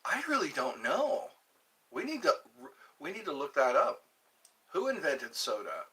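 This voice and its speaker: Male streamer, rambling casual chat; slightly high, bouncy intonation. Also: wildly swooping pitch, unhurried, bright, forceful tone. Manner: rambling, reads viewer questions aloud and answers. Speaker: livestream host.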